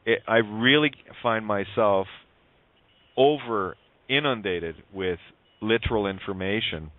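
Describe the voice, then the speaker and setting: This radio host speaks in a low voice with no echo, rambling through long call-in explanations built around wordplay. The line sounds dry and tinny, like a phone.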